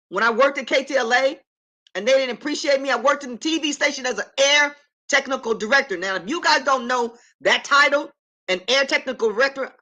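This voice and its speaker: In a high voice that sounds pushed and bright, a middle-aged woman chats on a casual live stream from her apartment. She welcomes viewers by name and speaks emphatically, affirming herself along the way.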